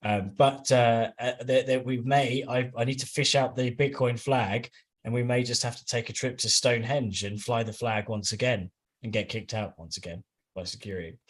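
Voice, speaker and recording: Halting Englishman chatting on a panel. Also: mid-range voice, steady tone. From England. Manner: halting, many restarts and fillers. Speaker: show regular. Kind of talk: casual panel chat.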